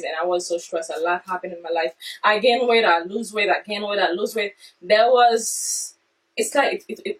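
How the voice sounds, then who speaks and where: A woman vlogging casually from her basement, chatting straight to viewers, excitable and swearing freely. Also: medium pitch, far from the mic, rough recording. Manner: excitable, swearing, talks straight to viewers, non-native grammar. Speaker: vlogger unboxing her own fitness products. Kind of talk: casual unboxing vlog. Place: home basement.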